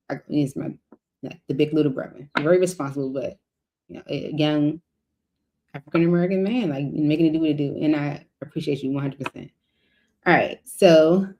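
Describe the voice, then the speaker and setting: A woman's voice: deep voice, dark tone. A middle-aged woman giving a casual tarot reading, chatty and rambling with lots of fillers. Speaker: tarot reader.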